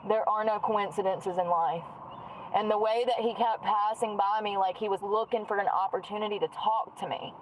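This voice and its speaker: A woman's voice: mid-range voice, fairly even intonation, normal speed, slight background noise, rough recording. A woman chatting casually while doing her makeup, musing aloud and trailing off mid-sentence. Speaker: streamer.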